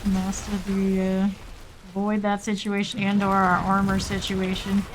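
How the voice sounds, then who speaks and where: Woman gamer streaming, calm steady callouts, mid pitch, rainy hiss behind her. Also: normal speed. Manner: steady running callouts, calm and matter-of-fact. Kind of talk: live gameplay commentary.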